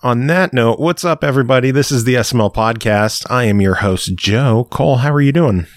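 A man's voice: medium pitch, fairly quick, no echo. A man hosting a podcast in casual chat, joking around and laughing often. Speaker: podcast host.

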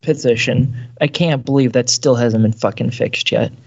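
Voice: medium pitch, moderate pace, gravelly, slightly rough. A person on a casual podcast talking in an exasperated way with plenty of swearing, recorded with dull lo-fi sound.

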